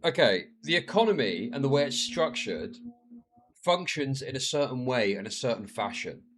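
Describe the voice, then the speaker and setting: A man's voice: big pitch swings, normal speed. Profane man mocking on stream. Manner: profane, mocking, slips into shrill mimicking voices. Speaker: streamer reacting to a video. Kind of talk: casual live-stream commentary.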